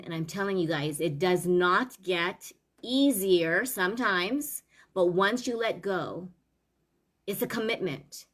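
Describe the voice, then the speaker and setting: Earnest middle-aged woman, confiding. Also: low-pitched. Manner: talks with many fillers and restarts. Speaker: parenting coach and tutor. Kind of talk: live-streamed heartfelt talk. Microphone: live stream from home camera.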